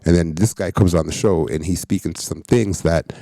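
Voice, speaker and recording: A man's voice: sits low, fairly quick, warm tone, no echo, clean studio sound. A man hosting a reaction show, commenting bluntly and casually on a clip he is playing, cursing now and then. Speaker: reaction host.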